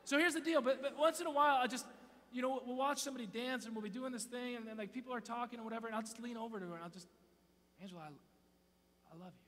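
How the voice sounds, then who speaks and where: A man in his thirties giving a sermon to a young crowd, playful and swinging from loud bursts to hushed near-whispers. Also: very high-pitched, fairly even intonation, very fast. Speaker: youth speaker. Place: church auditorium. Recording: long hall reverb, faint hum.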